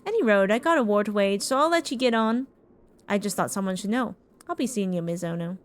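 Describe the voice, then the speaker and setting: A woman voicing a gruff one-eyed male mercenary captain in a rough, pirate-style brogue while reading game dialogue aloud. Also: medium pitch, animated, a little fast, natural voice.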